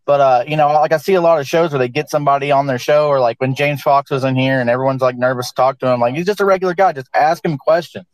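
A man's voice: medium pitch, steady tone, quick pace, few pauses, dry recording, rough recording. A man with a Southern US accent, chatting casually and rambling, full of "dude" and "like.". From American South. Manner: rambling, says "dude" and "like" a lot. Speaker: guest speaker. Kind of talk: casual live audio chat.

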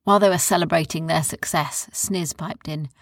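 A woman telling a children's bedtime story in a calm, soft, descriptive way. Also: deep voice, moderate pace, no echo, studio quality.

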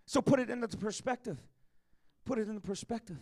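High, gravelly-voiced revival preacher man. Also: fast, no echo, studio quality. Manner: animated preaching, frequent "uh" fillers, swings from quiet to shouting. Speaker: evangelist. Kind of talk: revival sermon. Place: church service.

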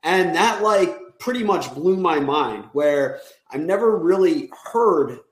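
A man hosting a podcast, chatting casually and rambling as he searches for his words. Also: fairly high pitch. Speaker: podcast host. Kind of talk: casual interview chat. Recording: roomy echo.

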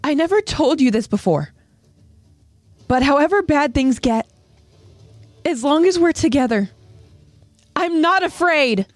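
A woman voicing a tough young female soldier from an anime in a soft, sincere tone. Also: high-pitched, expressive, measured pace, pauses often, no echo, soft background music, pitched above the performer's own voice. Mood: tender.

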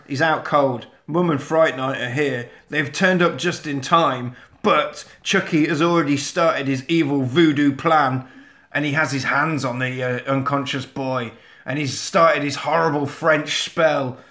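Animated sweary man recapping. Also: fairly high pitch, measured pace, roomy sound. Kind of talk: casual film recap.

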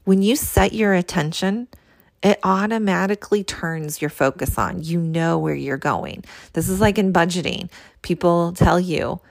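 A woman's voice: on the low side, a little slow, creaky, no room sound. A woman hosting a solo podcast, coaching listeners in an earnest, direct way and repeating points for emphasis. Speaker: podcast host and spiritual coach. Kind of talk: motivational solo podcast talk.

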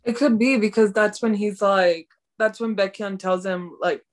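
A young woman chatting casually as a co-host, excitable and slangy, saying "like" a lot. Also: mid-range voice, moderate pace. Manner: excitable, slangy, heavy use of "like". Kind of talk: casual chat recapping a TV drama.

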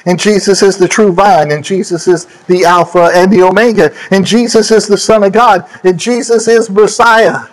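A high-voiced man delivers a sermon. He leans hard on single words and sweeps from loud, high lines down to hushed low ones, stopping now and then to fix a verse number. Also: fairly even intonation, normal speed, hardly any pauses, rough recording. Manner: emphatic, swooping between high and low; scripture quotes and self-corrections. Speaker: preacher.

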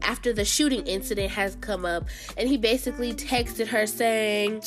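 A woman's voice: medium pitch, measured pace, music in the background. A woman hosting a show, giving casual pop-culture commentary in a blunt, sassy way and talking straight to her viewers. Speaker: show host.

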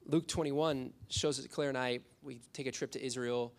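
A man's voice: medium pitch, normal speed. A young adult man preaching a sermon as a youth pastor, telling stories with acted-out quotes. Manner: storytelling, animated with acted quotes.

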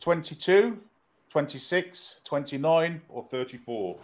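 A man's voice: fairly high pitch, animated, unhurried, darkish tone. A man co-hosting a casual quiz, reading out questions and their multiple-choice answers. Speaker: co-host quizmaster. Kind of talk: casual live-stream quiz.

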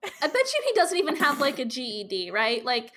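A woman co-hosting a casual TV recap chat, animated and swearing freely as she acts out scenes. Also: high-pitched, brisk. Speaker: podcast co-host.

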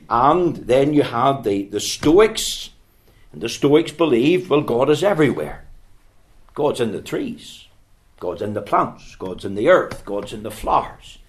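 A man preaching a sermon, reading scripture aloud and swinging between hushed low passages and loud, rising exhortation. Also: expressive, measured pace. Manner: reads scripture in King James wording.

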